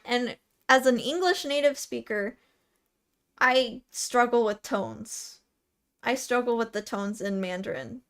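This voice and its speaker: A young woman with a Californian accent chats slowly and easily with her stream, her voice sitting a little high. She reads comments aloud, laughs often and trips over her own words as she answers. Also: fairly bright tone. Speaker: VTuber streamer. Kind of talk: casual live-stream chat, reading comments.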